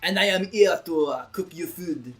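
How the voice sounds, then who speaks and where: A man's voice: a little high, moderate pace, a bit bright, soft background music, natural voice. Man putting on a rude cartoon French chef brute. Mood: pompous. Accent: mock French. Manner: aggressive, cartoonish. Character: rude aggressive French goliath chef barbarian.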